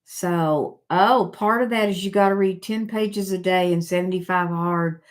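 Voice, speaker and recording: In a fairly low voice, an older woman runs a relaxed live stream, talking with her audience and stumbling through their comments with many fillers and restarts.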